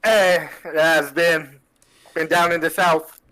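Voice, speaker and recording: A man's voice: fairly high pitch, fairly even intonation, slow pace, fairly bright tone. A man playing a tabletop game, joking along in character. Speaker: player.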